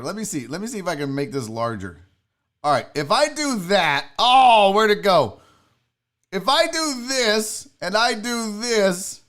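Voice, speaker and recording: Animated, profane man ranting. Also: fairly high pitch. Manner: profane, animated, talks to chat viewers. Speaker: podcast host. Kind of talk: casual live-stream rant.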